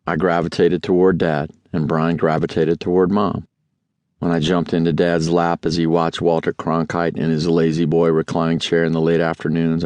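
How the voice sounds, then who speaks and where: A man reading a memoir aloud as an audiobook narrator, in a measured, deliberate way. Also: low voice, a little mellow, dry recording.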